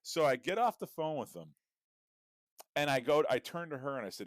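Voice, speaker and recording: Very animated and pitched on the high side, a middle-aged man rants profanely and in exasperation as he tells a story on the podcast he co-hosts. He talks at normal speed, and the studio-quality recording has no echo.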